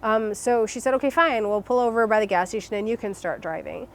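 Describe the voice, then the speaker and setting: A young adult woman telling her personal story as an interview guest, emotional and halting, with many restarts and fillers. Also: mid-range voice.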